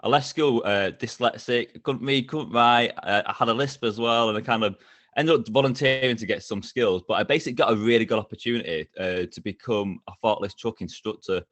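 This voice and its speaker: Energetic low-voiced man. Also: brisk, no room sound. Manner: energetic, animated, laughs often. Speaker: podcast guest. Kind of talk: casual storytelling interview.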